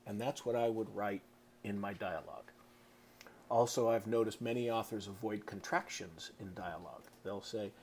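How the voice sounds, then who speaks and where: A middle-aged man with a somewhat low voice gives a relaxed, chatty writing lesson to camera. He keeps it casual and now and then adds playful little sound effects. A faint hum sits behind him in a small room. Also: normal speed. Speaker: author teaching writing. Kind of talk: casual instructional talk to camera.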